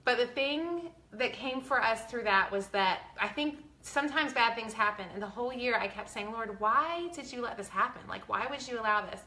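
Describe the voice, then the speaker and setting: A woman's voice: a little high, expressive, moderate pace, hardly any pauses, pushed and bright, roomy sound. A woman, talking earnestly and chattily to her viewers, close to tears, with a faith-filled manner. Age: 40s. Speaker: vlogger. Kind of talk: casual heartfelt talk to viewers.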